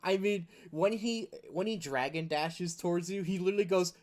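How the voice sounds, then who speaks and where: A man's voice: high voice, moderate pace, darkish tone. A man hosting a gaming video, talking in a rambling, casual rant full of filler words. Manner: rambling, chuckling, heavy use of filler words.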